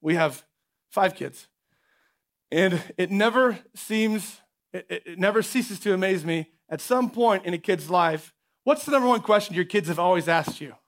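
A middle-aged man preaching a sermon from a church stage, energetic and conversational, repeating his questions for emphasis. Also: high-pitched, normal speed. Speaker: pastor.

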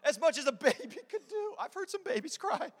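A male pastor preaching an impassioned sermon to a congregation in church, building to loud, emphatic repetitions. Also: extremely high pitch, very animated, brisk. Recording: long hall reverb with music behind.

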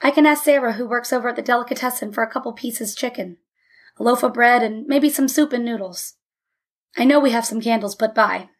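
A woman voicing a weary, gentle middle-aged immigrant father in a storybook reading, speaking in a mild, dry, sighing way. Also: a little high, brisk, close to an everyday voice.

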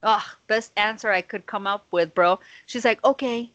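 A woman's voice: medium pitch, fairly even intonation, normal speed, fairly bright tone, dry recording. A woman co-hosting a podcast from home over a video call, telling a story in a casual, profane, slangy way and acting out her own side of the conversation. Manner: profane, slangy, calls listeners "bro"; acts out her own quoted lines. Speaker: podcast co-host.

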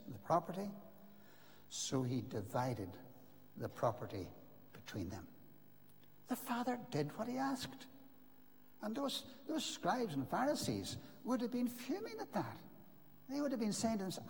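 Emphatic older preacher in a reverberant hall. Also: male voice, high-pitched. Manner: earnest, emphatic, with dramatic pauses. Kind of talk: sermon. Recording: long reverb of a large hall.

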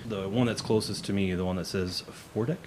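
A man's voice: fairly low pitch, steady tone, fast talker, background noise. A man narrating a tabletop game as game master, in a casual, rambling way with frequent self-corrections.

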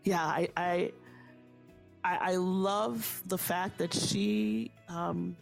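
A woman of Haitian background speaking earnestly and warmly about her faith in a conversation, repeating phrases for emphasis. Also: fairly low pitch, steady tone, very slow, gravelly, soft background music. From Haitian family.

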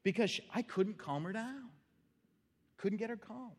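Pastor guy preaching, kinda high voice, lively, echo of a big hall behind him. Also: a little slow. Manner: animated, acts out voices and cries. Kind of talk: sermon.

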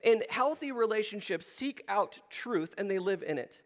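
A man's voice: sits high, lively intonation, normal speed. A middle-aged male pastor giving a conversational sermon, asking the room questions and acting out short quotes. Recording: long hall reverb.

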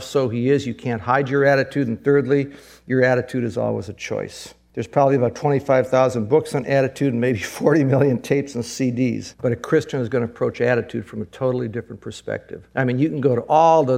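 Gravelly-voiced male pastor preaching. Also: medium pitch, a little mellow. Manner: earnest, conversational preaching with repetitions. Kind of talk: sermon.

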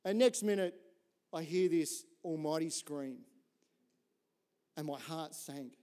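A middle-aged man preaches with a fairly high voice. He tells his story in a lively, chatty way and keeps tossing "right?" to the listeners, moving easily between humour and earnest points. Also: slow. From Australia. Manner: animated, conversational, often asks "right?". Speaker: pastor. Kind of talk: sermon with storytelling.

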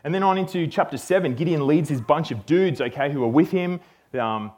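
A man teaching a Bible passage in a relaxed, conversational way, often checking in with "okay?". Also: fairly high pitch, fairly quick. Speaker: preacher.

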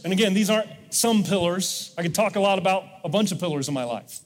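In a church sanctuary, a male pastor with a high, animated voice preaches fast, leading his congregation in call-and-response. The large hall echoes around him.

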